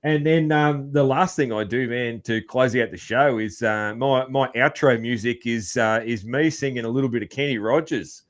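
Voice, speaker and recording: An Australian man hosting a podcast, talking in a relaxed, rambling way with lots of fillers and calling his guest man. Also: mid-range voice, moderate pace, few pauses. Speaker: podcast host. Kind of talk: casual interview chat.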